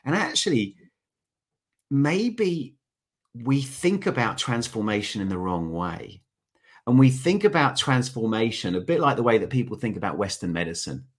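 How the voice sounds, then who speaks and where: A man with a low, slightly husky voice, speaking as a podcast guest. His pitch rises and falls widely as he tells stories, often breaking into laughter. The tone stays loose and conversational. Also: normal speed. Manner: animated storyteller, laughs often. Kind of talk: conversational interview.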